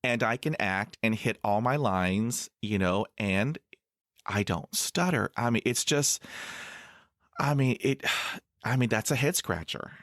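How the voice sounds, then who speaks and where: Brief: middle-aged male host who stutters, deep, unhurried, lots of fillers, recorded dry. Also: a bit bright, dry recording. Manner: stutters with blocks and repeated sounds; many "you know" fillers, laughs easily. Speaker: podcast host. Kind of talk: casual conversational interview.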